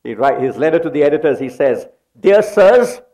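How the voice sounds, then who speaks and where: A man's voice: medium pitch, quick pace, mellow. A middle-aged man preaching a sermon in a church, leading the congregation in call-and-response. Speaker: pastor.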